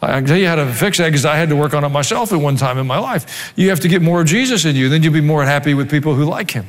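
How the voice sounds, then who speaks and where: A man preaching a sermon as pastor, reading scripture and adding dry joking asides in an animated way. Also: on the high side, rapid-fire. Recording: long hall reverb.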